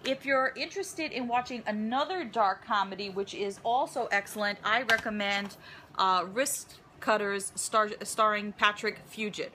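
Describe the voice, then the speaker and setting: A woman talks through a film she loved, circling back and restarting her sentences as she goes. Her voice is bright and sits at a medium pitch. It sounds like a casual home recording. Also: a little hiss or hum. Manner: chatty, rambling with fillers and restarts. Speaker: movie reviewer. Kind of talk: casual movie review.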